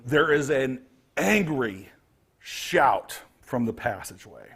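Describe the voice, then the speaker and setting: A man's voice: mid-range voice, lively intonation, slow pace, a bit bright, a little hiss or hum. A man running a tabletop game as game master, narrating the scene vividly.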